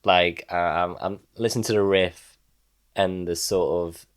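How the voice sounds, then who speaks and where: A man co-hosting a podcast, giving his opinions on an album in a measured, hesitant way, often pausing on ums and likes. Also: low voice, steady tone, clear, resonant tone. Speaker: podcast co-host. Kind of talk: casual album review chat.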